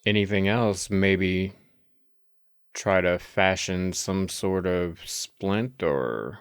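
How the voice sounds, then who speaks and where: A man playing a tabletop game in character, calm and matter-of-fact. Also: low voice, very slow, smooth, dry recording, studio quality. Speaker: player.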